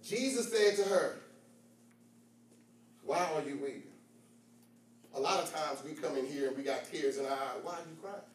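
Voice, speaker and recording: A man preaching a sermon with impassioned call and response, swinging from hushed talk to shouting. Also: fairly high pitch, normal speed, pauses often, a little hiss or hum. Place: church. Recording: very echoey church, voice from far off.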